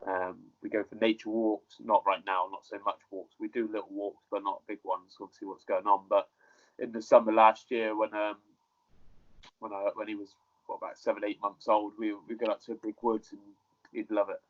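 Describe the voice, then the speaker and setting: A man who is a mixed martial arts fighter, chatting as an interview guest over a video call, relaxed, swearing casually and repeating his words. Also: lowish voice, fairly quick, muffled recording.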